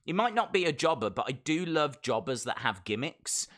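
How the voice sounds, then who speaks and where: A man's voice: fairly high pitch, very animated, moderate pace, fairly bright tone. A British man hosting a live stream, chatting casually, laughing and reading out viewer comments.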